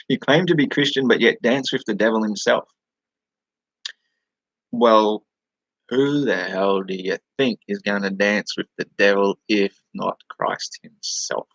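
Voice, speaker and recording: A man's voice: on the low side, takes it slowly, a bit bright, no echo, low-quality recording. An Australian man from New South Wales hosting a casual live chat over a webcam, rambling, swearing freely and laughing at his own remarks. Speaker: live-stream host.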